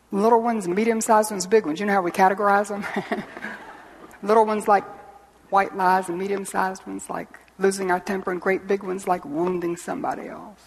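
A woman preacher delivering a sermon with dramatic swings from hushed whispers to ringing proclamation. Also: medium pitch, slightly rough. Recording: reverberant hall.

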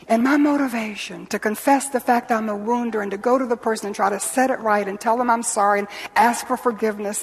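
A woman preacher delivering a sermon with dramatic swings from hushed whispers to ringing proclamation. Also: fairly high pitch, steady tone, brisk, husky, soft background music. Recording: reverberant hall.

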